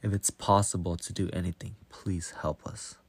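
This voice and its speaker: A man's voice: sits low, flat delivery, moderate pace, slightly rough, no echo. A man reading as an anxious pleading father. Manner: pleading, distressed.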